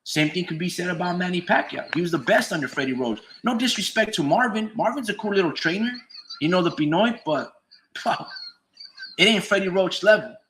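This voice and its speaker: A man's voice: high-pitched, animated, fast talker, fairly bright tone, slight background noise, low-quality recording. A man giving a casual, emphatic boxing monologue, swearing freely and repeating his points. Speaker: boxing commentator streamer. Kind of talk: casual profane opinion monologue.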